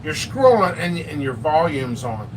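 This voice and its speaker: A man's voice: fairly high pitch, very animated, a little slow, distant mic, noisy background. A man hosting a casual live stream about peppers and hot sauce, rambling and joking at his own expense. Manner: rambling, joking, self-mocking.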